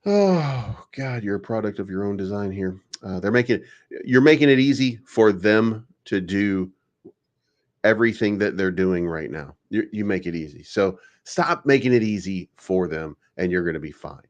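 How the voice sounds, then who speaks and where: A man's voice: fairly low pitch, expressive, normal speed, highs cut off. A young adult man hosting a crypto show, ranting with sarcasm and mocking viewers in whiny put-on voices. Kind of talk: energetic daily crypto show monologue.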